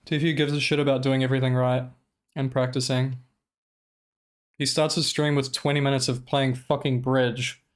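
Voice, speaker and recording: A man's voice: mid-range voice, flat delivery, normal speed. Profane, rambling young male streamer. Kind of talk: casual livestream commentary.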